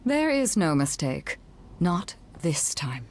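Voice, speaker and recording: Actresses voicing solemn guardian women who speak formally in a game. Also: female voice, a little high, very animated, measured pace, darkish tone. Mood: stern. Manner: formal, proclamatory.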